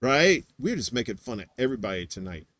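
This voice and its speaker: A man co-hosting a casual podcast chat, rambling and joking, jumping into high squeals for emphasis. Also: very animated, fast talker, background noise. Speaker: podcast co-host.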